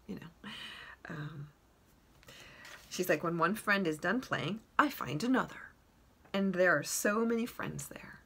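A woman with a low, gravelly, breathy voice that still has a bright edge tells the story of an animal reading in a relaxed way. She slips into a perky voice for the dog's answers and laughs between lines. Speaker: animal communicator.

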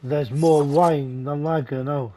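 A man's voice: fairly high pitch, fairly even intonation, slow pace, mellow. Blunt, sweary man gaming with friends. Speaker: gamer in party chat. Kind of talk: casual chat while gaming.

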